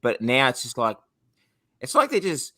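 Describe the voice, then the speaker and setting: A young Australian man with an Australian accent, chatting casually on a podcast, rambling, excitable and swearing a lot. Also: medium pitch, normal speed. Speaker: podcast co-host. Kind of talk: casual chat.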